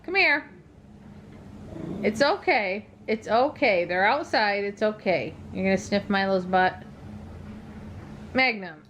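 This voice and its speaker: A woman's voice: mid-range voice, unhurried, fairly bright tone, dull audio, slight background noise. A middle-aged woman talking casually to her viewers, tired and yawning, chatty and rambling with many ums. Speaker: dog channel vlogger. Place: at home.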